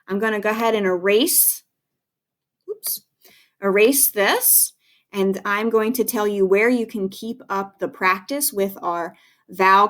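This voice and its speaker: A woman, a second grade teacher, giving a recorded phonics lesson to young children in a patient, encouraging way with clear, careful speech. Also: mid-range voice, a bit bright.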